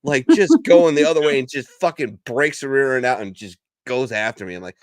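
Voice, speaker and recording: A middle-aged American man hosting a casual live stream, telling profane, animated stories. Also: mid-range voice, brisk, no echo, studio quality. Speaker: podcast co-host. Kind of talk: casual banter and storytelling.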